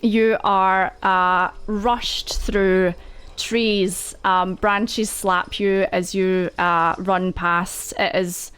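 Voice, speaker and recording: A woman's voice: medium pitch, level tone, drawn-out words, a bit bright, smooth. A woman game master narrating a tabletop horror game in a loose, rambling way with many fillers and asides.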